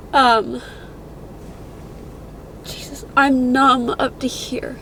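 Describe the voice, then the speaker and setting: A woman's voice: fairly high pitch, a little hiss or hum. Chatty young woman vlogging on her phone. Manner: anxious, chatty, self-reassuring. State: numb mouth after dental work, slurred. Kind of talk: casual vlog talk to camera. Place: in a car and outdoors in snow.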